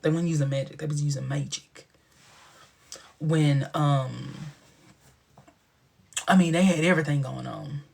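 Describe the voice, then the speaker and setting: A man's voice: a little high, a little slow, gravelly, long pauses, breathy edge. A man hosting a casual livestream, gossiping in a sassy way and often dropping into a whisper. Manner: sassy, gossipy retelling with sudden dips into whispers. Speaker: livestream host.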